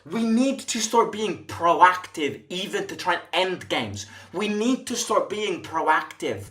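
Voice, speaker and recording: A man's voice: sits high, lively intonation, slow, a bit bright. Exasperated man ranting in an echoey room. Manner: exasperated, swearing, repetitive ranting. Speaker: football fan channel host. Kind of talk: post-match reaction rant.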